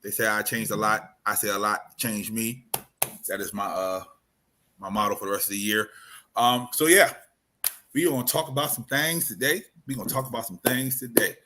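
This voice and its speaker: A man's voice: fairly low pitch, moderate pace, sharp tone, a little hiss or hum. A man hosting a casual family podcast chat, playful and joking as he introduces his guests. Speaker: podcast host.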